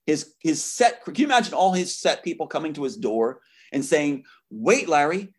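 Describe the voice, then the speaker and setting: A man's voice: on the high side, big pitch swings, normal speed, breathy edge. A man speaking as an interview guest, angry and emphatic as he makes accusations. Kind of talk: impassioned interview talk.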